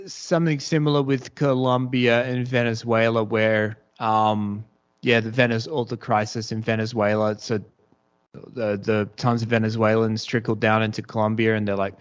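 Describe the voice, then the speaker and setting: A man hosting a casual podcast chat, talking in a rambling, halting way full of restarts. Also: medium pitch, clean tone. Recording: dull lo-fi podcast audio.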